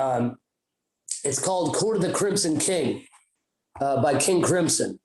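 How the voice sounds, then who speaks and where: High-voiced man telling a wild story. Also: lively intonation, unhurried, long pauses, darkish tone, echoey room, slight background noise, poor audio. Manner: rambling, profane, acts out quoted voices. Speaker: podcast host. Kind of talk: casual storytelling.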